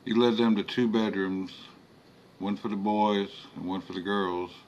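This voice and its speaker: Man, horror story narration, very slow, lowish voice, faint background hum. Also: steady tone, darkish tone, dull audio. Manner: slow, measured reading.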